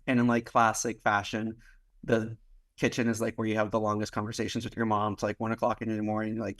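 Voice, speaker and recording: A young man from Miami, United States, guesting on a podcast, rambles through a personal story in loose chat, packed with "like," acted-out dialogue and an occasional swear word. His voice is fairly low, monotone, brisk and a bit bright, picked up by a podcast microphone.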